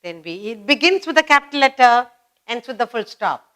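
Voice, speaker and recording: A woman's voice: a little high, sing-song, a little fast, fairly bright tone, clear, resonant tone. A woman teaching a children's grammar lesson, repeating each example sentence and explaining it step by step. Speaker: English teacher.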